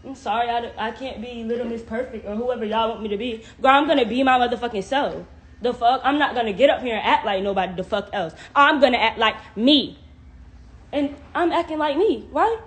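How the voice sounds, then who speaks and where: A woman's voice: fairly high pitch, fast, a bit bright. A young woman venting on a phone live stream, confrontational and heavily profane, peppering everything with "like". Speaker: livestreamer.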